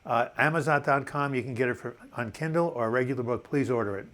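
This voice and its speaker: A man's voice: mid-range voice, fast talker, fairly bright tone. Chatty man in his seventies. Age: 70s. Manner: chatty, enthusiastic, repeats words when restarting. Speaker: live chat host. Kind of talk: casual live chat reading viewer comments.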